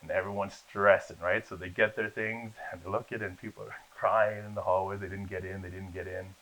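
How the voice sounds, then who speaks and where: Low-voiced man telling animated stories. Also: a little fast. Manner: animated storyteller, acts out voices in his anecdotes. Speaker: guest, actor. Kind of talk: storytelling in a casual interview. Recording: dull lo-fi sound.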